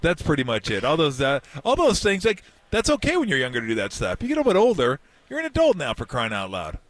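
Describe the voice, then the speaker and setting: Animated fifty-something male radio host. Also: fairly high pitch, fast. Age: 50s. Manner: animated storyteller, repeats himself, acts out quotes. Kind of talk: casual sports radio banter, storytelling. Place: convention hall radio row booth.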